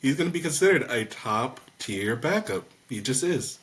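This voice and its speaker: A man's voice: medium pitch, animated, moderate pace, fairly bright tone. A man co-hosting a casual fantasy football podcast, rambling and hesitant, laughing easily. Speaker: podcast co-host.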